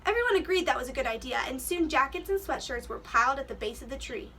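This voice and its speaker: A woman's voice: high voice, expressive, quick pace, a bit bright, far from the mic, slight background noise. A woman teacher reading a children's storybook aloud, giving the characters voices and stopping to explain words to the kids.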